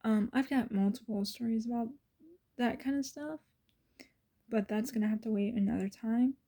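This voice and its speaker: Woman vlogging, husky and gravelly, earnest and emotional, slips into whispers. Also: fairly high pitch, normal speed, dark tone. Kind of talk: casual personal storytelling.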